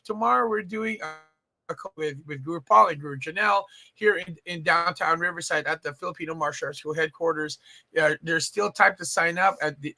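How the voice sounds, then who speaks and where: A man's voice: high voice, gravelly, sharp tone. A man hosting a live stream chat, chatty and teasing, with many fillers. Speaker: host.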